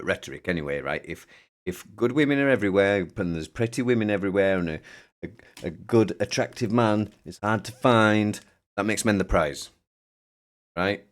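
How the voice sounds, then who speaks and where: A man giving sardonic reaction commentary, mocking and opinionated. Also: low-pitched. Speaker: commentary host.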